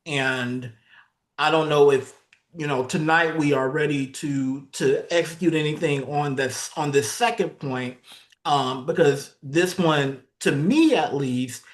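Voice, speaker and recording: A man chairing a committee meeting, speaking in a measured, hesitant way with dry humor. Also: a little high. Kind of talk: meeting discussion.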